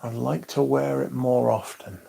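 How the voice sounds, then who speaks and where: A man's voice: medium pitch, steady tone, unhurried, creaky, dark tone, a little hiss or hum. A man hosting a livestream, chatting casually, swearing now and then, and reading out viewer comments. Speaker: livestream host.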